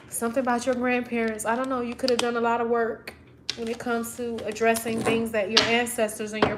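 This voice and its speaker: A woman's voice: on the high side, background noise. A woman reading tarot cards on a livestream, talking effusively and getting emotional. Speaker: tarot reader.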